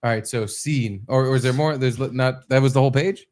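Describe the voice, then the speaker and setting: A man of ordinary pitch trading jokes on a comedy podcast. His delivery is wry and teasing, with a dry deadpan as he reads through a script with his co-host. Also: fairly quick. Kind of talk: joking banter while reading a script aloud.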